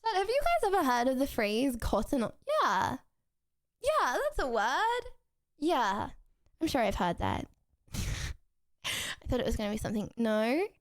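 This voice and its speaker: A woman's voice: high-pitched, wildly swooping pitch, measured pace, long pauses. A young woman streamer chatting casually with her viewers from home, rambling and giggling, with lots of restarts.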